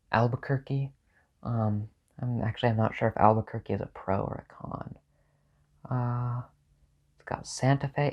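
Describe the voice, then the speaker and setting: A man hosting a casual comedic video, talking in a dry, offhand, mock-opinionated way with sudden jumps in pitch. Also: darkish tone. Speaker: video host ranking states. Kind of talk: casual, deadpan comedic monologue.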